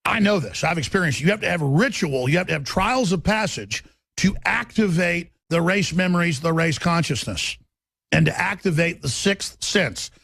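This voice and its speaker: A man hosting a talk radio show, with a raspy voice and an intense, forceful delivery that swings between fast and slow. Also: fairly high pitch, lively intonation, no echo. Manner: intense, forceful, shifting pace.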